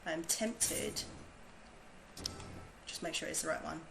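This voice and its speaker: A woman with a southern English accent streams a game and chats casually with viewers, bubbly and quick to laugh. Her voice sits low, creaky and slow, and the recording is very noisy.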